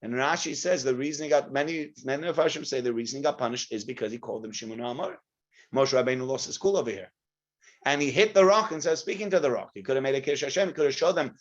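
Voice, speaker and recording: A man, a rabbi, giving a Torah class, acting out voices with sudden loud outbursts and dropping low and soft in serious parts. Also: fast. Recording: dull lo-fi recording.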